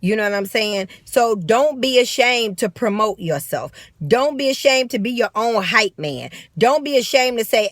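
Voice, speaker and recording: A woman's voice: on the high side, lively intonation, normal speed, hardly any pauses, a bit bright, no echo. A woman with a St. Louis accent giving blunt, profane, emphatic motivational talk in a vlog, recorded on a phone. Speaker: vlogger.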